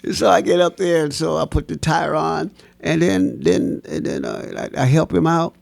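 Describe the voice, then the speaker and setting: A man recounts his past as an interview guest, his voice heavily gravelly and his pitch swinging widely. He tells stories with animation, laughing often and acting out the people in them. The sound is dry and close. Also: sing-song, normal speed, no echo. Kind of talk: storytelling in a casual interview.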